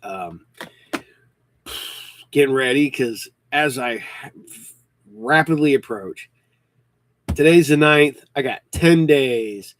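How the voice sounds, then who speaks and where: A man's voice: mid-range voice, lively intonation, slow pace, pauses often, fairly bright tone, no room sound. A man in his early fifties hosting a podcast, chatting casually and rambling with frequent ums and restarts, hiccuping now and then. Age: 50s. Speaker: podcast host. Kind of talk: casual chat.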